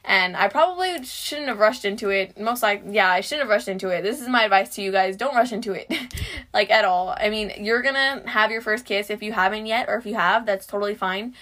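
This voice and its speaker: A woman's voice: mid-range voice, a little fast, fairly bright tone. A teenage girl co-hosting a casual podcast, chatting and giggling with many "like" fillers. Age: teens. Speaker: podcast co-host. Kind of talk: casual chat.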